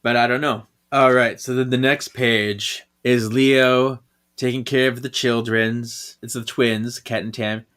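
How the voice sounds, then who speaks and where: A man co-hosts a relaxed podcast, talking through a comic in loose casual chat. He thinks aloud, hedges his points and laughs often. His voice sits at an ordinary middle pitch. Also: measured pace, clear, resonant tone. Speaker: podcast co-host.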